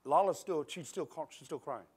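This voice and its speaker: A middle-aged man preaching a sermon in a church service, telling a personal story in a conversational, animated way and swinging between quiet and loud. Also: on the high side, normal speed, husky. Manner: animated, conversational, acts out scenes with shifting loudness. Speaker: pastor.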